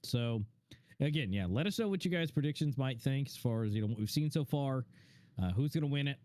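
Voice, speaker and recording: A man's voice: medium pitch, expressive, a little fast, darkish tone, no room sound, clean studio sound. A man doing color commentary on a live esports match, meandering and full of fillers. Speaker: esports co-caster.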